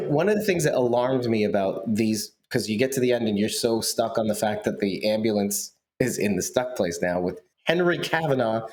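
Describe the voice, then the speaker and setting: A man's voice: lowish voice, lively intonation, normal speed, darkish tone. Teasing, jokey man co-hosting a podcast. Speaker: podcast co-host. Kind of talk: casual chat.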